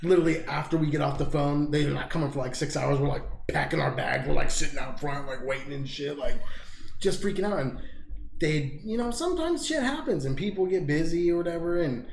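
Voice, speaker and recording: A man's voice: on the high side, animated, brisk, creaky, reverberant. A man in his thirties co-hosting a podcast, laid-back and swearing often as he recalls his childhood. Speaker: podcast co-host. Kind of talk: casual chat.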